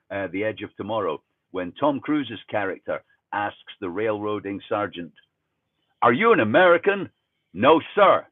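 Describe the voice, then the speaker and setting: Speaking on the low side, this Fife man with a Fife Scottish accent hosts commentary, delivering a ranting monologue that's sardonic, profane and laced with conspiratorial asides. The recording is tinny and phone-like, dry with no room sound.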